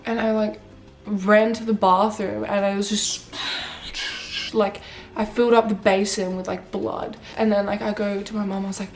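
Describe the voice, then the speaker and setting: Chatty young woman vlogger. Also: medium pitch. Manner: animated, swearing, chatty with frequent "like". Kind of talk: casual storytelling vlog.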